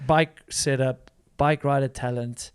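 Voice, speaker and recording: A man's voice: medium pitch, steady tone, measured pace, smooth. A man hosting a podcast in casual, enthusiastic chat, laughing often and restarting sentences. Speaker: podcast host.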